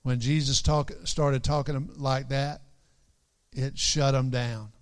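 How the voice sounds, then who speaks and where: Slow, smooth-voiced male preacher. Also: medium pitch, fairly even intonation. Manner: earnest, repeats phrases for emphasis; quotes scripture in King James wording. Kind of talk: sermon.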